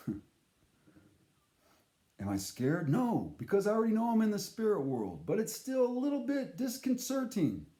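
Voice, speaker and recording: High-voiced man telling a rambling story. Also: reverberant. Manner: rambling, halting, deadpan-comic. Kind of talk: comic dream storytelling to camera.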